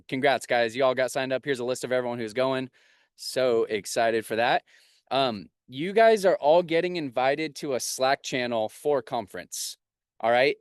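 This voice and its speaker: A man in his thirties leading his sales team through a video huddle, pumping them up with hype and repeating his key points. His voice comes through smooth and resonant, with a dry, close sound and no room around it. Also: mid-range voice, no echo. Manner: upbeat, hype-driven, repeats himself for emphasis. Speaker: agency leader hosting a team call. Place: parked vehicle on a road trip.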